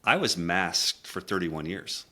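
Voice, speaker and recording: A man's voice: sits low, lively intonation, a little slow. A middle-aged man, a communication coach, telling a candid personal story in an earnest, reflective way. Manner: earnest, reflective, drops quiet for emotional moments.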